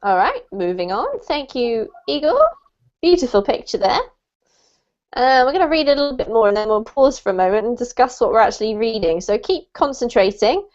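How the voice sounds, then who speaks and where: A woman's voice: on the high side, sing-song, a little mellow. Woman english teacher on a video call, encouraging, kinda muffled lo-fi sound. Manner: encouraging, slows to model words. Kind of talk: online language class.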